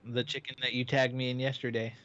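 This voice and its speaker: A man co-hosting a radio show, chatting casually and joking in a relaxed way. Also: medium pitch, fast talker. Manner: joking, relaxed, laughs easily. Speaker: co-host. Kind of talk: casual talk radio chat. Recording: slightly dull lo-fi audio.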